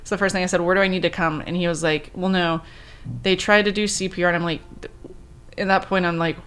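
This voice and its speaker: Grieving woman telling a halting story. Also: lowish voice, steady tone, a bit bright, clean tone. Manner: halting, many fillers and restarts, recounting quoted talk. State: grieving, subdued. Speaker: vlogger. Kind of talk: personal storytelling vlog.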